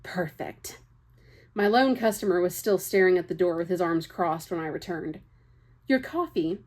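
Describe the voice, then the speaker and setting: A woman's voice: lowish voice, fairly quick, darkish tone. A young woman reading a novel aloud, chatty, breaking off for casual asides. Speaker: book reader.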